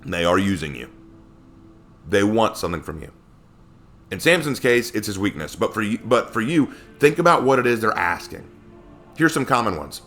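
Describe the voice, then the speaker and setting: A man's voice: on the low side, big pitch swings, moderate pace, pauses often, fairly bright tone. A man giving a casual Bible lesson, talking conversationally and asking many rhetorical questions. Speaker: Bible teacher.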